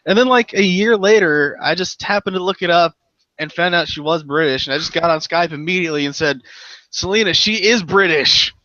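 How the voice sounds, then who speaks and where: A young American man hosting a casual chat, animated and quick to laugh, swearing freely. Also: a little high, no room sound. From United States. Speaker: channel host. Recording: dull dry lo-fi recording.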